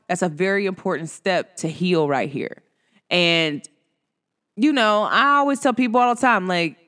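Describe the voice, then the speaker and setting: A woman's voice: medium pitch, fairly bright tone. A woman hosting her own talk show, chatting casually in slang, laughing through stories and firing questions at listeners. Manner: laughs while telling stories. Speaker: podcast host.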